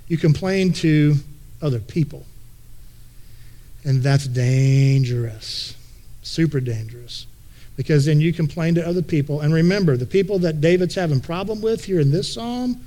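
High-voiced pastor in a folksy sermon. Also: male voice, moderate pace, mellow. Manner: folksy, repeats words as he thinks aloud. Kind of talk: conversational sermon.

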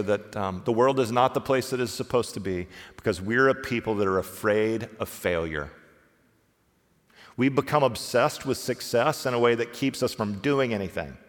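A middle-aged male pastor delivers a sermon in a relaxed, conversational manner, slipping into little acted-out voices of the people he describes. His pitch sits in an ordinary middle range for a man. The sound carries the long reverb of a church sanctuary. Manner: conversational preaching, acts out quoted voices, pitch swings widely.

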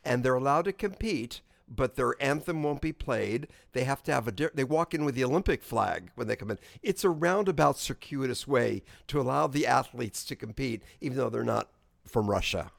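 Animated man chatting on a podcast. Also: mid-range voice, normal speed, creaky, dry recording. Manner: animated, tangent-prone storyteller. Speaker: podcast co-host. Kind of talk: casual chat.

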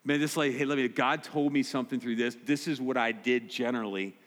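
Direct, emphatic pastor in a reverberant hall. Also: male voice, medium pitch, steady tone, fairly quick, a bit bright. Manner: direct, emphatic, repeats key words. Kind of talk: sermon. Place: church sanctuary.

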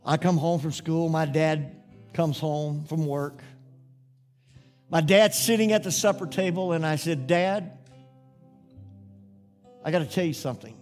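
Folksy preacher man, high voice. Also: unhurried, long pauses, darkish tone, soft background music. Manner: folksy storytelling, rising to fervent preaching. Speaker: pastor. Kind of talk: sermon with personal story.

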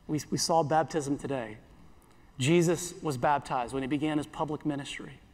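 A pastor giving an earnest sermon in church, repeating phrases and slowing down for scripture. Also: male voice, on the high side, fairly even intonation, a little mellow, in a large hall.

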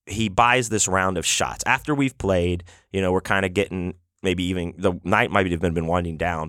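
A man's voice: sits low, a bit bright, dry recording, studio quality. A man hosting a podcast, telling a road story in a rambling, profane, casual way with lots of fillers and restarts. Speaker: podcast host.

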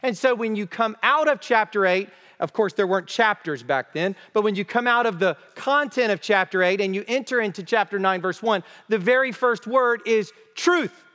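A man preaching an expository sermon, emphatic and deliberate, repeating key phrases to drive them home. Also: sits high, sharp tone. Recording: long reverb of a large hall.

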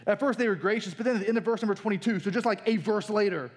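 A man preaching a sermon in an energetic, colloquial way, rising in pitch for emphasis. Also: racing. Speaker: pastor.

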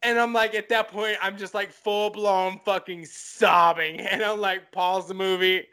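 A man co-hosting a casual film-review podcast, talking in an animated, profane way and getting swept up in emotion. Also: high-pitched, a little slow, clean tone. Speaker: podcast co-host.

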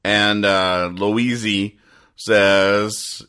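A man reviewing comic strips in casual commentary, rambling and sighing as he explains each joke deadpan. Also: on the low side, unhurried.

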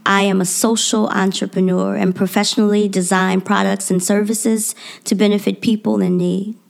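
A woman reading her own personal spoken-word piece in a measured, poetic delivery that drops to a soft near-whisper at the ends of lines. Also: mid-range voice, flat delivery, creaky.

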